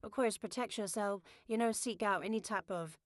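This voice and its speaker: A woman's voice: mid-range voice, normal speed, dry recording. A woman, rambling casually with many fillers as she gives spiritual advice on her podcast.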